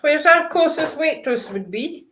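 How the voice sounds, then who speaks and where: Slow-talking woman, dry replies. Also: high voice, animated, fairly bright tone, slight background noise, rough recording. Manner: dry, unhurried, short replies. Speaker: participant in a colouring call. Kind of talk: casual chat on a video call. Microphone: video call.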